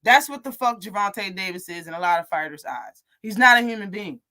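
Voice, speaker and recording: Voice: medium pitch, expressive, a little fast, bright, forceful tone. A live boxing talk show host ranting in a heated, profane, casual way.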